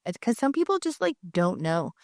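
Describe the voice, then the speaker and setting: A woman's voice: a little high, sing-song, moderate pace, no echo, studio quality. A woman in her thirties co-hosting a podcast in casual chat, telling stories and acting out what friends said. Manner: chatty storyteller, acts out friends' quotes, lots of "like". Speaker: podcast co-host.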